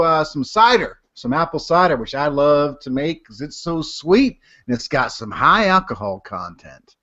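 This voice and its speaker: An easygoing man joking along on a podcast from his basement bar. His voice sits a little high and moves a lot in pitch, and the recording is somewhat dull. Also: sing-song, moderate pace, bright, forceful tone. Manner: jokey, easygoing. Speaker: podcast co-host. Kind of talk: casual chat.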